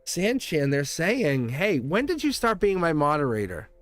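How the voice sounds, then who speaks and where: A man's voice: fairly high pitch, huge pitch swings, a little slow, no room sound. Giggly man with a Boston accent. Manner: chatty and giggly, straight-shooting. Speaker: tarot reader. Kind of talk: live-stream tarot reading.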